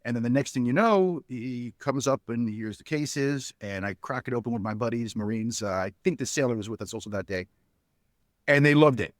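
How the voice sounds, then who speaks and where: A man's voice: mid-range voice, brisk, no room sound, studio quality. Middle-aged man telling rambling stories. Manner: rambling anecdotes with many fillers and restarts, acting out quoted dialogue. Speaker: podcast guest, spirits company founder. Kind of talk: casual storytelling interview.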